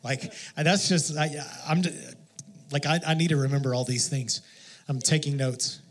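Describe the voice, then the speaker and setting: A man's voice: on the high side, moderate pace. A man preaching a sermon in a conversational, self-deprecating storytelling manner, often restarting his sentences. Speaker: pastor.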